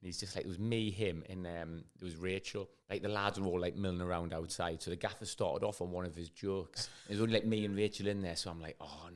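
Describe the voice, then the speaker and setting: A man's voice: low voice, fairly even intonation, quick pace, hardly any pauses. A middle-aged English man, a former footballer, telling a chatty story on a podcast with lots of fillers. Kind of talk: casual chat.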